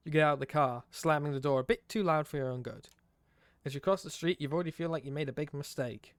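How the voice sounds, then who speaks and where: A man streaming, reading a game's story aloud with expressive narration and wry asides. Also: fairly high pitch, quick pace, no echo.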